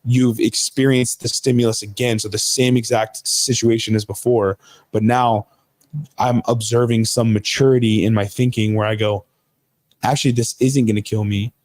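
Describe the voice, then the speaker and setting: A man's voice: medium pitch, level tone, moderate pace, a little mellow, no room sound. A man in his thirties, a podcast guest, telling a personal story in an earnest, casual way, often restarting his sentences. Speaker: podcast guest, jiu-jitsu coach.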